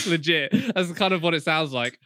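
A young man co-hosting a podcast, chatting casually, swearing a lot and getting loud when excited. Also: on the high side, a little slow, no room sound, studio quality. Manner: profane, excitable, swings loud. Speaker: podcast co-host. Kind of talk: casual chat.

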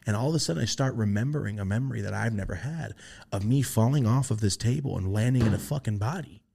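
A man's voice: quick pace, vocal fry, slightly rough. A young man on a podcast telling a story in casual chat, swearing freely and acting out the voices he quotes. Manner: animated, swearing, acts out quoted voices in a high pitch. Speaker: podcast host.

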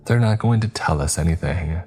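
A man's voice: sits low, expressive, a little fast, a little mellow, slightly rough. A man voicing a terse, guarded young woman locked in a cell, in a horror story reading. She talks firmly and plainly. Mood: wary. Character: blunt, wary young woman prisoner.

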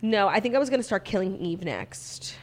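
A woman's voice: mid-range voice, very animated. A young woman co-hosting a podcast, chatting casually in a dramatic, swear-prone way. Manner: fast, dramatic, swears a lot. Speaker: podcast co-host. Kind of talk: casual chat.

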